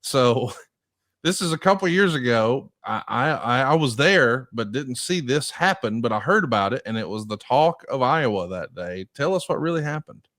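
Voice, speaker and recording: A man's voice: mid-range voice, lively intonation, normal speed, a bit bright. A man with a mid-range voice hosts a podcast and steers the chat toward his guest's stories. He talks loosely, stumbles into restarts and swears in passing. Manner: easygoing, stammering restarts, swears casually. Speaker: podcast host. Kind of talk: casual podcast conversation.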